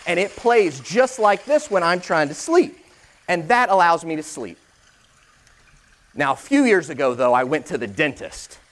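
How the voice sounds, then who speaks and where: A man's voice: on the high side, a little hiss or hum. A middle-aged male pastor giving a conversational sermon, demonstrating his points with props.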